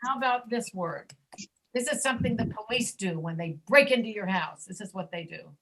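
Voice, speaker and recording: A woman teaching an online pronunciation class, stretching out words slowly to model each sound. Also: mid-range voice, a bit bright, rough recording. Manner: slow, drawn-out modeling of sounds. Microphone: video call.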